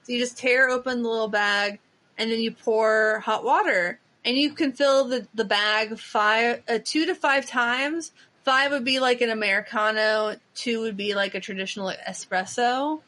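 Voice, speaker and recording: A woman's voice: on the high side, normal speed, bright, forceful tone. A woman co-hosting a podcast in casual chat, rambling with frequent restarts and fillers. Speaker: podcast co-host.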